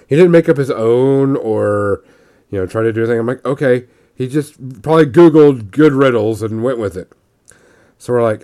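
A man's voice: medium pitch, measured pace, long pauses, darkish tone. A man casually telling a tabletop gaming story, rambling with frequent restarts and quoted voices.

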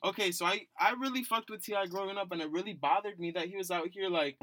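A man's voice: high-pitched, quick pace, bright, forceful tone. A man co-hosting a casual podcast, talking in a laid-back, rambling way. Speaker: podcast co-host.

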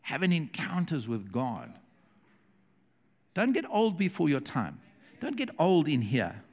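Male preacher, animated sermon delivery with acted quotes, church hall with long reverb. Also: on the high side, unhurried. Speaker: pastor.

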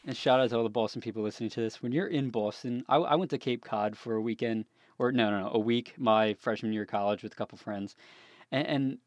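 A man's voice: mid-range voice, quick pace, no echo, studio quality. A young man co-hosting a gaming podcast, talking casually and rambling, often laughing and restarting his sentences. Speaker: podcast co-host. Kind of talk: casual chat.

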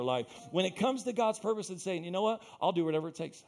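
A young adult man preaching a sermon as pastor, telling stories with loud bursts and quiet asides. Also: high voice, fast, vocal fry, few pauses. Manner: animated storytelling, swinging between loud bursts and quiet asides.

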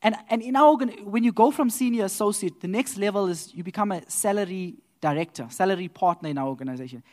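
A man giving a church testimony that builds into preaching, telling his story with laughter and loud outbursts. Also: high voice, fast talker. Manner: animated storyteller who laughs and swells into loud exclamations.

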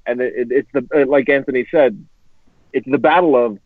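Excited man on a tinny line. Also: mid-range voice, brisk, no echo. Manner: excited, stumbling over words. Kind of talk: casual movie discussion.

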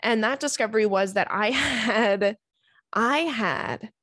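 A woman's voice: on the high side, slow pace, a bit bright, dry recording, clean studio sound. A young adult woman hosting a podcast, chatting casually and swearing freely as she tells funny stories. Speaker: podcast host. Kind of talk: casual chat.

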